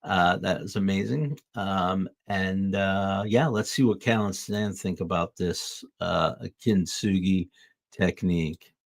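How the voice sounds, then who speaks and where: An earnest man hosts a motivational podcast. He reflects slowly and then drifts into loose asides. His voice is very low. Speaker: host.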